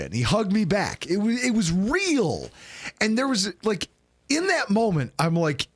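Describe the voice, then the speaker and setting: A man co-hosting a casual podcast, excitedly telling stories and acting out the people he quotes. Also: sits high, a little slow. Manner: animated, excitable storyteller who acts out quotes. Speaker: podcast co-host. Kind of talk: casual chat.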